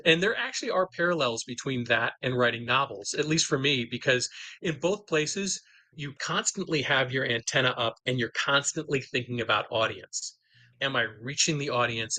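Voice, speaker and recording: A middle-aged man tells enthusiastic stories about his writing in a casual interview. His voice is bright and forceful, and it sounds dry and close. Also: medium pitch, no echo, poor audio. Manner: enthusiastic, animated storyteller. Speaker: novelist and guest.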